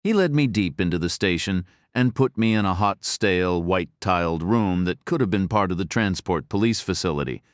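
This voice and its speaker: Deep-voiced man narrating an audiobook. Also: animated, brisk, few pauses, dry recording, studio quality. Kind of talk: scripted first-person audiobook narration.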